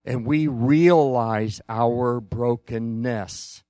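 Slow, earnest preaching man. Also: mid-range voice, no echo, clean studio sound. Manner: slow, earnest preaching with long pauses and hushed emphasis. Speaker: pastor. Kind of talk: sermon.

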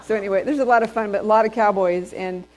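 A woman from Texas, preaching a sermon in a lively storytelling way and asking the congregation questions. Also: mid-range voice, fast, poor audio. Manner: lively storyteller who acts out quotes and asks the congregation questions.

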